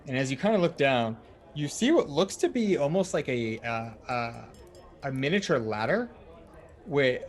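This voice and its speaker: A man as dungeon master, narrating a tabletop game in a relaxed, rambling way full of fillers. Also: mid-range voice, moderate pace. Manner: relaxed, filler-heavy storytelling.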